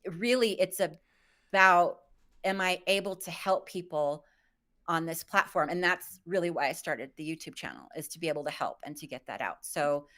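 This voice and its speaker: A woman's voice: low-pitched, normal speed, a bit bright. Candid reflective woman in her fifties. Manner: candid, reflective, self-deprecating. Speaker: guest. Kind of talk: live stream interview.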